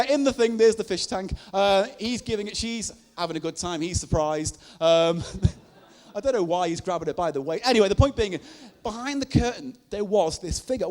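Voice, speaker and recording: A man doing stand-up comedy at a live show, telling stories in an animated way and laughing at his own jokes. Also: high-pitched. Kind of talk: comic storytelling on stage. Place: live comedy night in a venue.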